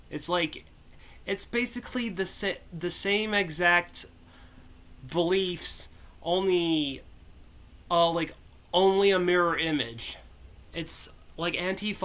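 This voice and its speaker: A man's voice: a little high, sharp tone. A man giving casual commentary, rambling with many fillers and sighs. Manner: rambling, filler-heavy, sighing. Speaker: video commentator.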